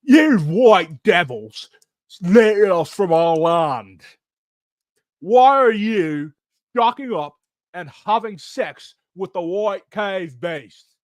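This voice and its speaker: A man voicing a ranting male street preacher in a deliberately bad, put-on British accent, declaiming slowly and loudly. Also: high-pitched, expressive, no echo, studio quality, voice pushed up, exaggerated voice. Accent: put-on British, poorly done. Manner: slow, loud, drawn-out declaiming.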